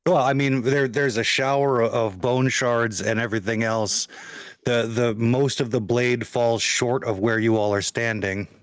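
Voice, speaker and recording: A man narrating as game master of a tabletop game, relaxed and halting, with many restarts. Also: medium pitch, dry recording.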